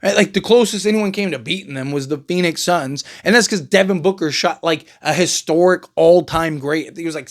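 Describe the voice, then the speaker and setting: A man hosting a casual basketball commentary show, talking conversationally with frequent restarts, fillers and rhetorical "right?" tags. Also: fairly high pitch. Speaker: sports podcast host.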